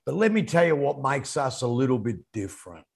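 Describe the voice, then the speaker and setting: A man's voice: mid-range voice, fairly quick, creaky, breathy edge. A man co-hosting a casual business chat, telling stories with animation. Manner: animated storyteller. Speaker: podcast co-host.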